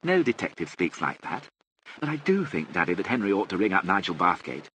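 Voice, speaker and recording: A man's voice: deep voice, very animated, brisk, a bit bright, slight background noise, voice pushed up, poor audio. A man voicing a theatrical, flippant young aristocratic woman with breezy upper-class chatter.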